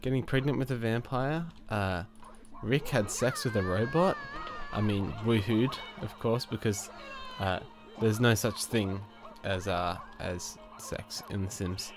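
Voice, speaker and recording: A man's voice: fairly low pitch, unhurried, hardly any pauses, over music. Stuffy-voiced man rambling over gameplay. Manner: rambling, chuckling, many fillers and restarts. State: stuffed up from a cold. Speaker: gaming channel host. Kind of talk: casual gameplay commentary. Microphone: new desk microphone.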